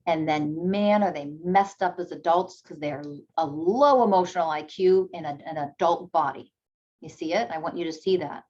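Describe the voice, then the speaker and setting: A woman giving a candid motivational talk, blunt and emphatic, swearing freely and acting out parent dialogue in a high sing-song. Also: moderate pace, a little mellow, lo-fi sound. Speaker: self-development speaker.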